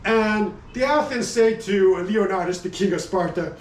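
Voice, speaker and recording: A man's voice: high-pitched, measured pace, hardly any pauses, echoey room, distant mic, slight background noise, poor audio. A middle-aged man giving a casual, rambling gear review. He chats freely and often stops to correct himself. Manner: rambling, chatty, self-correcting, laughs often. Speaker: motorcycle and gear vlogger. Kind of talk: casual product review chat.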